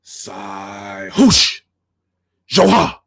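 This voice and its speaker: A man voicing a fierce male Klingon commander with a raspy, gruff, commanding way of barking orders. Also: mid-range voice, animated, slow pace, pitched above the performer's own voice, exaggerated voice.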